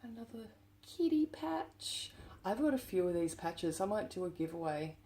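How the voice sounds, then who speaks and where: A woman's voice: on the low side, fairly quick. An Australian woman chatting casually on her vlog while tidying her room, often exclaiming over things she finds and sometimes dropping into a whisper. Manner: excitable, exclaiming over found items, drifting into whispers. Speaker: witch shop owner vlogger.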